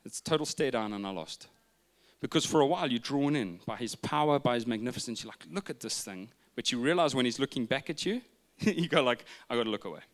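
A man, preaching a sermon with humorous stories and hushed retellings. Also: medium pitch, fairly quick. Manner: humorous storytelling, shifting from loud asides to hushed retelling. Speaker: pastor.

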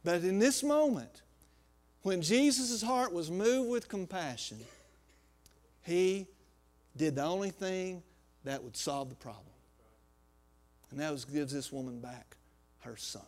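Male preacher, high-pitched, folksy, acts out his stories from quiet to loud. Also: animated, slow, pauses often. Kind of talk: sermon with personal story.

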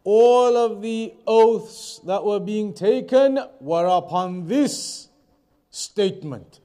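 Man, religious teacher, high-pitched, measured lesson delivery with emphatic repetition. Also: warm tone. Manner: measured, repeats phrases for emphasis. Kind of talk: explaining scripture verse by verse.

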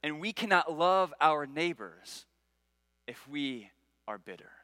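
A man's voice: fairly high pitch, lively intonation, slow, bright, forceful tone, no echo, low-quality recording. A man preaching a sermon, earnest, repeating key phrases and rising when he voices prayers. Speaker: pastor.

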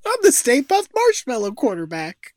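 Man, podcast co-host, animated voice swings, dry close sound. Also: very high voice, normal speed, no room sound. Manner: animated, does voices for bits. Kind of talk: casual comedic chat.

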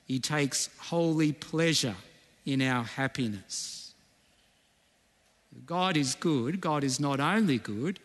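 A man's voice: on the high side, fairly bright tone, in a large hall. A male pastor preaching a conversational sermon, repeating key phrases and often checking in with the congregation.

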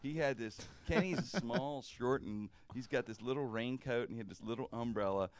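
A middle-aged man from Pennsylvania, a radio host telling a story in casual chat, animated and profane and laughing often. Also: medium pitch, normal speed, no room sound.

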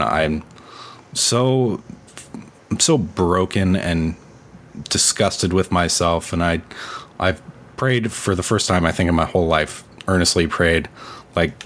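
A man's voice: low-pitched, a little slow, fairly bright tone. A man in his thirties telling a personal faith story in casual talk, earnest and full of fillers. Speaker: podcast co-host.

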